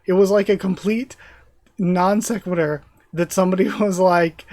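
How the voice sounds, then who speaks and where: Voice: medium pitch, steady tone, normal speed, darkish tone, dry recording. A streamer reading a web novel aloud and reacting live, giggling, self-deprecating and casually swearing.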